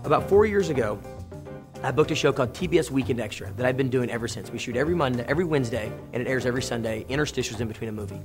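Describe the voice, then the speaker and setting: Over music, this young TV host speaks very quickly in a mid-range voice. In a relaxed interview he recounts career stories with energy, performing the quotes of the people involved.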